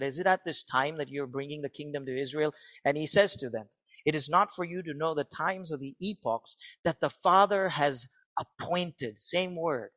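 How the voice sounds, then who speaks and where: A man preaching a sermon in an earnest way that builds to excited emphasis. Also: high voice, dry recording, lo-fi sound. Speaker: pastor.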